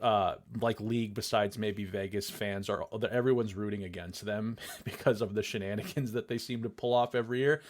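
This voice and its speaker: A man's voice: fairly low pitch, steady tone, fairly quick, few pauses. A man co-hosting a sports podcast, chatting easily, laughing often and restarting his sentences. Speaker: podcast co-host. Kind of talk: casual hockey chat.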